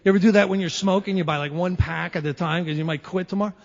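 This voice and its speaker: High-voiced man telling a wry recovery story. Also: fast talker, vocal fry. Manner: animated, wry storyteller who acts out moments. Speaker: recovery meeting speaker. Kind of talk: personal recovery story told to a meeting. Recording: lo-fi recording in a reverberant hall.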